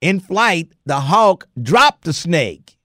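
Animated male radio host, fairly high voice. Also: slow pace, dry recording, clean studio sound. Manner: animated storyteller, laughs often. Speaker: radio talk show host. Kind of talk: casual talk radio chat.

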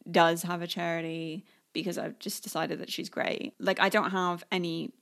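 Gravelly-voiced woman guest, teasing. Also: fairly low pitch, little pitch movement, moderate pace, fairly bright tone. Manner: laughing, teasing banter. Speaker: podcast guest. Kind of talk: casual chat.

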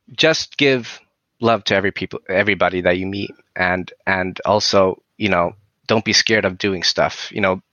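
A man with a Swedish accent, Swedish his first language, tells a rambling story in English, leaning on "you know" and laughing as he goes. His voice is bright and forward. The sound is dry and close. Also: low-pitched, dry recording, muffled recording. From southern Sweden. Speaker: musician guest. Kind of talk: casual storytelling.

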